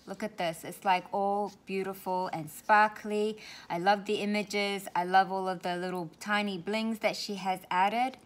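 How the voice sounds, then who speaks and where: Woman, craft vlogger, casual unboxing, gushing, repeats words, mid pitch. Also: steady tone, a little slow. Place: home, lives in Australia.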